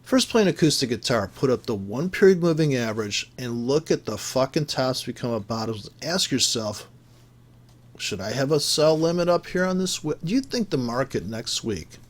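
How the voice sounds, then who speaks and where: A man on a heated, swearing rant about trading, sarcastic and exasperated. His pitch swings widely, jumping between loud outbursts and low muttered asides. He has just woken up irritated and sounds it. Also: animated, normal speed. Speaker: forex trading vlogger. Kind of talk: profane ranting commentary over charts.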